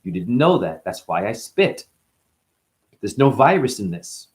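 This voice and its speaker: A man's voice: lowish voice, sing-song, measured pace. A man rapping a rambling, boastful freestyle full of puns and profanity. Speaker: freestyle rapper. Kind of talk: freestyle rap.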